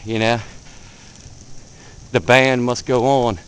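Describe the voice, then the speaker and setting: A man filming outdoors in a blizzard on a handheld camera, giving excited casual commentary, cold and a bit out of breath. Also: mid-range voice, slow pace, smooth, poor audio. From Delaware, USA. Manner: excited, repeats himself, calls viewer man. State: out of breath, face numb from cold. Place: outdoors in a blizzard, wind and snow. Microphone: handheld camera mic.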